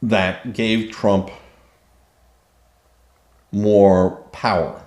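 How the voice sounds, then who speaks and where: A political commentary host with a lowish, slightly mellow voice delivers a slow opinion monologue with little pitch movement. He sounds indignant and sarcastic, tripping over fillers and restarts, and the recording has a roomy echo.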